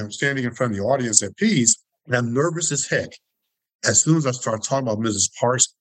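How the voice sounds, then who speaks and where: A man's voice: mid-range voice, no room sound, poor audio. A man in his sixties from Detroit, telling stories as an interview guest in an emphatic way, repeating phrases for effect. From Detroit, Michigan. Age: 60s. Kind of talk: reflective storytelling.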